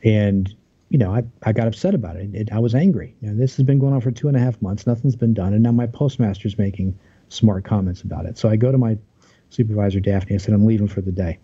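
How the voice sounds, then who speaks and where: A man's voice: on the low side, fast, mellow, breathy edge, highs cut off. A man as an interview guest, earnestly telling his story of a workplace conflict, aggrieved, with many restarts.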